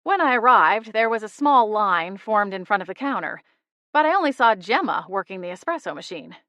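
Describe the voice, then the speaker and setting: A woman narrating a first-person cozy mystery audiobook in a wry, lively storytelling manner, on a close studio mic. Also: mid-range voice, fairly quick, dry recording.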